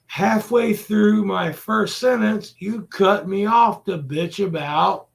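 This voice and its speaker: A vlogger with a high, slow, creaky voice rants at the camera. He sounds exasperated and repeats himself, swearing often as he vents.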